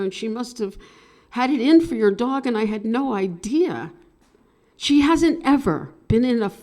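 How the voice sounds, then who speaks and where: A woman telling a personal story at an open mic, swinging between hushed and loud with strong emotion. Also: fairly high pitch. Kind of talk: live dramatic storytelling.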